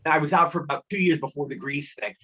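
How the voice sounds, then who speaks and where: A man's voice: on the high side, quick pace, sharp tone, husky. A man in his sixties, a guest actor telling rambling anecdotes in a casual interview and repeating himself.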